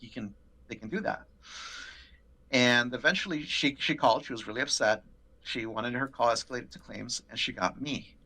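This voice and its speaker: A man telling a workplace story in a casual interview, animated and swearing, acting out the people he quotes. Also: mid-range voice, vocal fry. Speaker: podcast guest.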